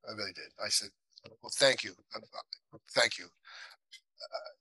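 A man's voice: lowish voice, unhurried, breathy edge, no echo, low-quality recording. A man, an actor guest in a podcast interview, telling anecdotes casually and acting out the people he quotes. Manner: animated anecdotes, acts out quoted voices.

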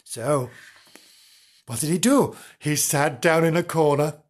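Playful storyteller, husky voice. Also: male voice, fairly high pitch, a little slow. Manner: playful, chatty asides to children. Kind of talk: reading a children's story aloud.

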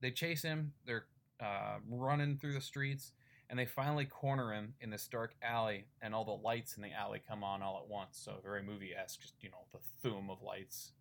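A man's voice: on the low side, steady tone, moderate pace, vocal fry. A man co-hosting a podcast, rambling through a casual comic book recap with lots of fillers. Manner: rambling retelling with fillers and laughs. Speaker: podcast co-host.

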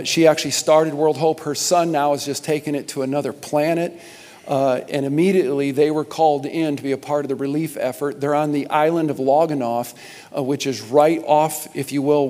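A man preaching as pastor to his congregation, impassioned, repeating words and rising to loud emphasis. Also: on the high side. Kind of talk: sermon announcements to a congregation. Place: large church sanctuary. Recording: long hall reverb.

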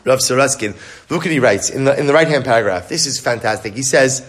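A man teaching a Torah class in an animated lecture style, asking questions and answering them himself, quick bursts of speech and frequent restarts. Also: mid-range voice.

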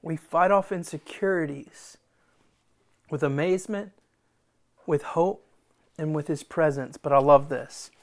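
A man preaching a sermon, animated and self-deprecating, acting out conversations between God and Moses. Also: fairly high pitch, a little slow, long pauses. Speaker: pastor.

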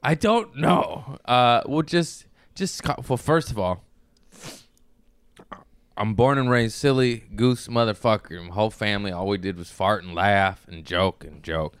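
A man's voice: on the low side, measured pace, smooth, no echo, studio quality. A man in his thirties, a guest on a podcast, chatting casually and rambling with lots of laughter and silly energy. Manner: goofy, laughing often, rambling. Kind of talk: casual comedic chat. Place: podcast studio.

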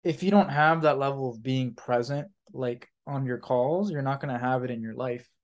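A man's voice: medium pitch, normal speed. Swearing, rambling man on a podcast. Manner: rambling, swears freely, acts out mocking inner voices. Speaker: podcast co-host. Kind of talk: casual podcast chat.

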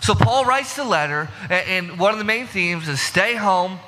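A man's voice: sits high, expressive, moderate pace, bright, forceful tone. A young man preaching a sermon in a casual, chatty way, talking straight to his congregation in a church sanctuary. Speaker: pastor. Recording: long reverb of a large hall.

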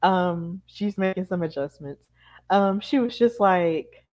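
A woman co-hosting a casual chat show, retelling events in a chatty, animated way and acting out what people said. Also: mid-range voice, measured pace. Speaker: podcast co-host. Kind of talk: casual wrestling recap chat.

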